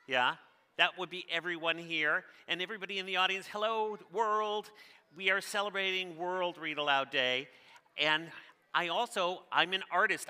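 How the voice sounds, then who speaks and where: On a large theater stage, a middle-aged children's author reads his picture book aloud in an interactive session, his voice slightly high, sharp, and smooth. Upbeat and encouraging, he asks the audience questions, and the hall's long reverb fills the recording.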